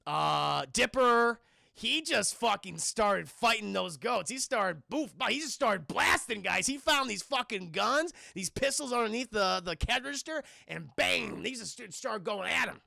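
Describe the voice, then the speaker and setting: Gravelly, profane male streamer. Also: high-pitched, measured pace, no room sound, clean studio sound. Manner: profane, animated retelling. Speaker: streamer reviewing cartoons. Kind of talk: casual chat with viewers.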